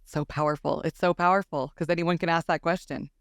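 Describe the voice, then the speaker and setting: A woman hosting a podcast interview, effusive and enthusiastic, quick to agree with her guest. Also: sits low, fairly even intonation, clear, resonant tone, no echo, studio quality. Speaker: podcast host.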